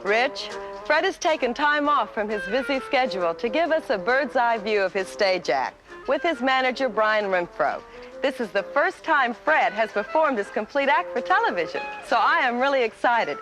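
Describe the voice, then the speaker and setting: A woman's voice: a little high, animated, moderate pace, music in the background, low-quality recording. A woman reporting a TV feature in a bubbly, giggly manner. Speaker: TV field reporter.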